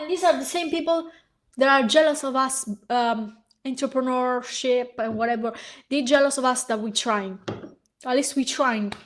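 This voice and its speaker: High-pitched woman ranting angrily. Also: moderate pace. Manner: heated, profane, ranting while reading aloud. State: hoarse. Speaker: vlogger. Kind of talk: angry reaction rant.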